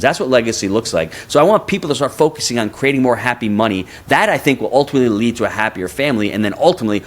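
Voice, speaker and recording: A man in his fifties, a guest on a podcast interview, talking energetically and often repeating words as he builds a point. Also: lowish voice. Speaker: guest, real estate investor.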